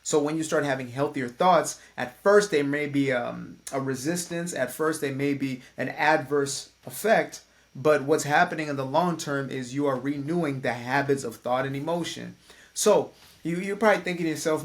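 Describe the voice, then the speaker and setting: A man's voice: a little high, normal speed. A man who works as a life coach, giving a casual motivational talk to the camera. He speaks in a conversational, slangy way with playful asides.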